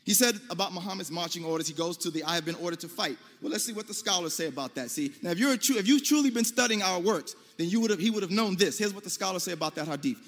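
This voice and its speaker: An American man with a high voice argues his case in a debate, emphatic and forceful, sometimes rising to near-shouts. His voice carries a long reverb from a large hall. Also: expressive, rapid-fire, hardly any pauses. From United States. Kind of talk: debate speech.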